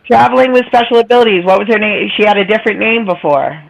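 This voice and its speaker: A woman's voice: medium pitch, fast talker, vocal fry, low-quality recording. Chatty nasal woman hosting a stream. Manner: chatty, teasing, laughs often. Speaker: live stream host. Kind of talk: casual chat.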